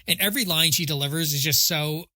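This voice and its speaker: A man's voice: fairly high pitch, quick pace, sharp tone, dry recording. A man co-hosting a casual film podcast, joking and mocking, slipping into silly quoted voices. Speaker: podcast co-host. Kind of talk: casual chat about a film.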